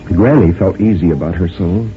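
Grave male radio narrator. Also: sits low. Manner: grave, measured storytelling. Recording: tinny old radio recording with faint music.

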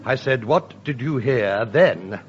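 A man performing a deadpan mock science lecture in a radio sketch comedy. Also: mid-range voice, takes it slowly. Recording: dull old radio recording with hiss.

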